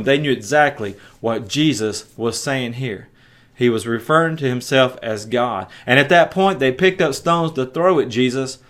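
A man preaching a sermon, reading scripture aloud and breaking in with emphatic, punchy asides, often stumbling over and repeating words. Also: medium pitch. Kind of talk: sermon with Bible reading and commentary.

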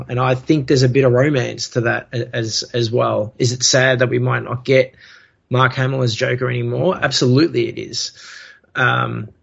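Man, podcast co-host, gravelly, flat delivery, wistful, casual chat. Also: mid-range voice, dull audio.

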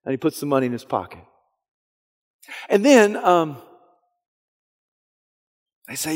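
A male pastor preaching a sermon, retelling a story dramatically, dropping to a hush and then rising loud. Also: fairly high pitch, very animated, unhurried, pauses often. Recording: long hall reverb.

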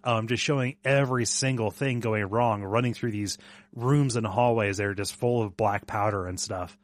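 A man's voice: fairly low pitch, steady tone, moderate pace. A man co-hosting a casual video game podcast, with a dry wit and a habit of correcting and teasing his co-host.

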